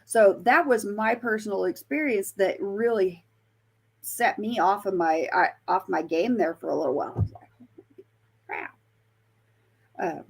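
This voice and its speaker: Gravelly, husky woman telling a story. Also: mid-range voice, darkish tone. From Colorado. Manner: chatty, many fillers and self-corrections. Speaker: paranormal investigator guest. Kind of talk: casual storytelling interview.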